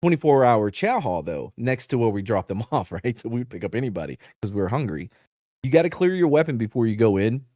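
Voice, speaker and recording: A man's voice: medium pitch, mellow, dry recording. Podcast guy in his 30s rambling thru cussy war stories, middle voice, super dry mic. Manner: profane, rambling storyteller. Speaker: podcast host. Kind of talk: casual storytelling chat.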